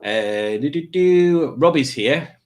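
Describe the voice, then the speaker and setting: A man's voice: a little high, lively intonation, takes it slowly. Rambling, jokey British man. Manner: jokey, self-mocking, easily sidetracked. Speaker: livestream host. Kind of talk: rambling live-chat banter.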